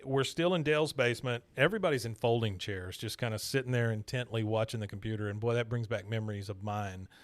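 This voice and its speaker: A man's voice: fairly low pitch, fast talker, few pauses, no echo. A man hosting a podcast, recapping an episode in a chatty way, laughing and using many fillers. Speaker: podcast host.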